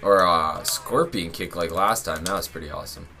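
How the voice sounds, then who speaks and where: Young male gaming host, bright forward tone, relaxed chatter that spikes into excited yells. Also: sits low, normal speed. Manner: excitable, yells and laughs at close plays. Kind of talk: casual gameplay commentary.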